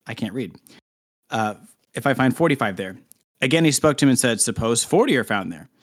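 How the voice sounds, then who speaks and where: A man of ordinary pitch reads a scripture passage aloud on a casual podcast. He keeps it light, breaking off for jokes and laughing between verses. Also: expressive, brisk, breathy edge. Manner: playful, laughing, jokey asides while reading. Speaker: podcast co-host reading scripture. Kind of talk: casual chat with scripture reading.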